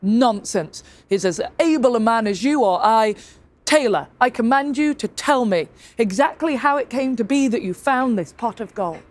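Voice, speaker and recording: A woman's voice: a little high, expressive, moderate pace, lightly acted. A woman voicing a stern, greedy male lord who gives commands.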